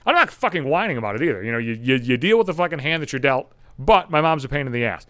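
A man's voice: medium pitch, lively intonation, fast, a bit bright, no echo. A young man hosting a solo podcast, ranting bitterly and sarcastically with heavy swearing. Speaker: podcast host.

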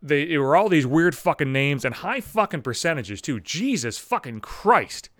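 A man's voice: fairly high pitch, normal speed, dry recording, studio quality. Foul-mouthed podcast man telling stories. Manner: profane, rambling, animated. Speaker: podcast host. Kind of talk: comedic storytelling monologue.

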